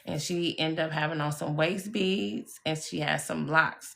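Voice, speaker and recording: A woman's voice: low-pitched, measured pace, vocal fry, fairly bright tone. A woman telling personal stories on a live stream, chatty and emphatic, swearing freely and calling her viewers y'all and baby. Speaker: live-stream spiritual reader. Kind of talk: casual live-stream storytelling.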